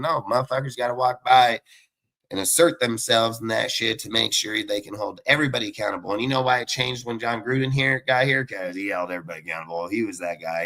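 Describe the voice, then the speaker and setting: Heated and profane, a man ranting on a sports podcast panel tears into his football team while rambling between topics. His lowish voice is pushed and bright, with fairly even intonation and a quick pace.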